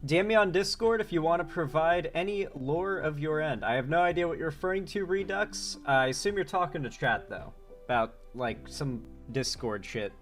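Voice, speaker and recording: A man with a fairly high voice hosts a casual livestream chat. He runs through viewer names one after another, drifts off into rambling asides and trails off mid-thought. Faint music plays under him. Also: expressive, moderate pace. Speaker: livestream host.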